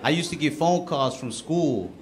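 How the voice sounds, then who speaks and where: A man's voice: fairly high pitch, expressive, moderate pace, heavy background noise. Laid-back young guy doing stand-up. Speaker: stand-up comedian. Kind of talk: stand-up comedy set. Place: comedy stage before a live audience. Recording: loud audience laughter.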